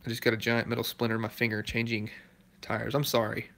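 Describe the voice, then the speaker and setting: A man's bright, forceful voice in a casual live stream from a car workshop. He reads viewer comments aloud and answers in a relaxed, chatty way, chuckling now and then. His pitch sits in the middle for a man. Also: fast. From Southern United States. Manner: chatty, laid-back, chuckles between comments. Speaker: car restoration YouTuber. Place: garage workshop.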